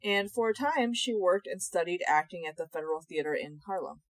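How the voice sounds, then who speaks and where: A young woman with a slightly low voice co-hosts a casual podcast chat, animated and sarcastic, swearing freely. Her voice sits dry and close to the mic. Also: fairly quick, no echo, rough recording. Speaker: podcast co-host.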